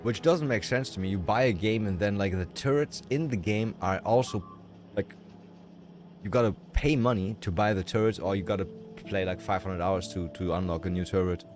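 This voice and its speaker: A man's voice: low-pitched, normal speed. A man streaming a game, chatting casually and rambling with strong opinions. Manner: rambling, opinionated, restarts often. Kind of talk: casual livestream chat while playing. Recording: music playing loudly behind.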